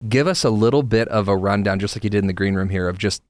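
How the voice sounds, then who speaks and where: A man hosting a casual interview, upbeat and quick with friendly affirmations. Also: lowish voice, dry recording. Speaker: podcast host.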